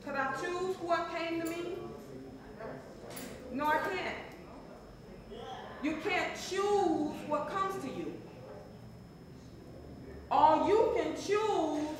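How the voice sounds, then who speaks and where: A woman speaking as a transformational coach to a live audience, calling for responses and repeating phrases for emphasis. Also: sits high. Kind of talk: motivational seminar talk to a live audience. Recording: very echoey hall.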